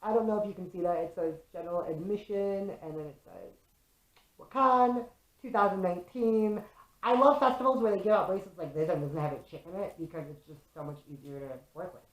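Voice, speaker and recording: A young woman vlogger recounting a story straight to camera, animated and loose-tongued, swearing and peppering her talk with "like." Her voice sits a little low for a woman. The room around her rings with echo. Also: a little fast. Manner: animated, swears often, fills with "like". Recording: echoey room.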